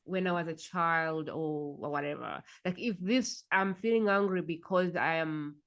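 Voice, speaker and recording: A woman's voice: low-pitched, measured pace. A woman hosting a podcast interview, asking curious follow-up questions and murmuring agreement. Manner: curious questioning, frequent soft affirmations. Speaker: podcast host.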